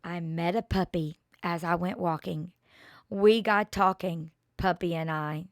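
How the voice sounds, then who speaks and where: An older woman reading children's poems aloud in a slow, expressive way, with playful asides. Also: fairly low pitch, no room sound, studio quality.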